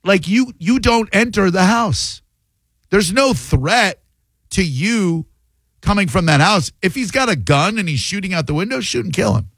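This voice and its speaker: A man's voice: high-pitched, expressive, unhurried, a bit bright, dry recording. A man hosting a call-in radio talk show, blunt and opinionated, sometimes repeating words when he gets heated. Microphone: studio microphone.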